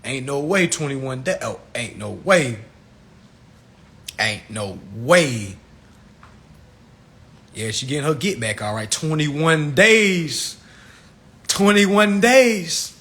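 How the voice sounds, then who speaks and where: A man on a casual livestream rant, slangy and animated, swinging from low mutters to shouts and laughing at his own jokes. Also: a little slow, pauses often. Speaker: livestream host.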